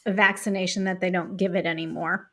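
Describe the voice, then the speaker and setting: A middle-aged woman co-hosting a podcast, reading trivia questions slowly in a relaxed, chuckling way. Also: lowish voice. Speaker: podcast co-host, trivia reader. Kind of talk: casual podcast chat.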